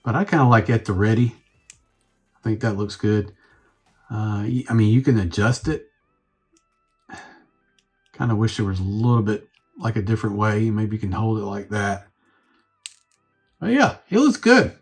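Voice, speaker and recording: A man's voice: on the low side, expressive, moderate pace, pauses often, husky, soft background music. A man reviewing a toy on his own channel, rambling and thinking aloud as he fiddles with the figure. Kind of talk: casual unscripted review.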